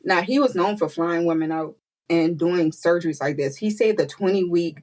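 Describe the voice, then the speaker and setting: A woman guest on a podcast, telling a personal story with animated quoted voices and frequent laughter. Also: normal speed, rough recording. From United States. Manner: animated, acts out quotes with high pitch, laughs often. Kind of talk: emotional storytelling interview.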